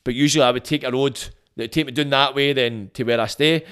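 A young man with a Glaswegian Scottish accent, hosting a podcast and telling a sweary, animated story, acting out quotes along the way. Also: mid-range voice, quick pace, clean tone. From Scotland. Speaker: podcast host. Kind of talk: casual storytelling monologue.

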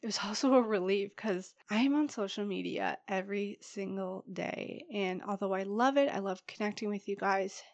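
A young woman hosting her podcast alone, speaking in an open, chatty way with lots of "you guys" and "like." A head cold leaves her a touch husky and stuffed-up, her voice sitting at an ordinary middle pitch. The recording is close and dry, with no room sound. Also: normal speed, few pauses, no echo. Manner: chatty and candid, often says "you guys" and "like". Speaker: podcast host. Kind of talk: solo podcast monologue.

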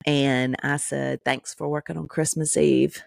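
A middle-aged woman co-hosting a podcast, telling an animated story full of profanity in casual chat. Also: sits low, a little slow, gravelly, no echo, clean studio sound. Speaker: podcast co-host.

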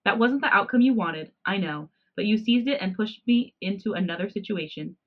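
A woman voicing a defiant young male cat hybrid with sharp, indignant outbursts, in a storybook reading with slightly dull podcast audio. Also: medium pitch, expressive, a little fast, close to an everyday voice. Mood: angry, accusing.

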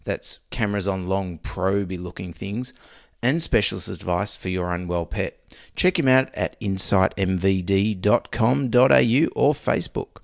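A man's voice: deep voice, moderate pace, gravelly, no echo. A man with an Australian accent, a veterinarian hosting his podcast, reading a scripted intro with a dry, joking tone.

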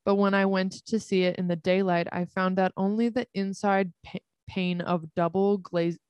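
Low-voiced young woman, musing, dry. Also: darkish tone, clear, resonant tone, dry recording. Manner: thoughtful, rambling, self-deprecating. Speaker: podcast co-host. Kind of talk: casual chat, reading a listener story.

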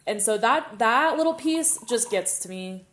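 A young woman co-hosting a podcast in casual chat, rambling and animated, swearing casually. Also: a little high, measured pace, a little hiss or hum. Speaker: podcast co-host.

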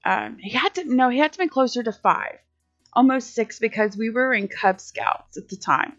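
A woman's voice: fairly high pitch, expressive, moderate pace, a bit bright. A woman in her forties hosting a podcast, telling a personal story in a rambling, conversational way with many restarts. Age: 40s. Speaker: podcast host. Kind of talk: casual storytelling monologue. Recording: slightly muffled lo-fi audio with faint music.

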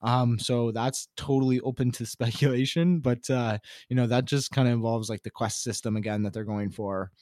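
A man co-hosting a casual gaming chat, talking in a relaxed, rambling way full of fillers. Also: mid-range voice, moderate pace, few pauses, no room sound, clean studio sound. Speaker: podcast co-host.

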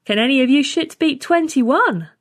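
A woman reading a storybook voices a brash, crude, competitive young woman astronaut trainee who talks loudly and swears. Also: fairly high pitch, sing-song, measured pace. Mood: shouting. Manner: loud, swaggering, swearing.

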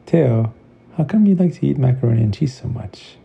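A man voicing a patient, gently teasing father in a bedtime story, who explains things calmly. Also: mid-range voice, a little fast, vocal fry, slightly rough, muffled recording, voice pushed up, heavily acted. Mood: curious.

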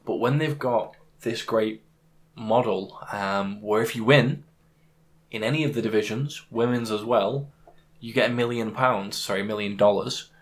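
A man's voice: on the low side, normal speed. A man co-hosting a podcast, talking casually about fights and making emphatic points with examples. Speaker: podcast co-host. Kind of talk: casual MMA chat.

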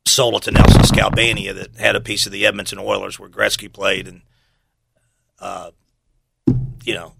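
An older man chatting casually, an animated storyteller who acts out quotes and laughs as he recalls working for a soccer club. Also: on the low side, moderate pace, gravelly, long pauses, heavy background noise. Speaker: former soccer club staff guest. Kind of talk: casual chat.

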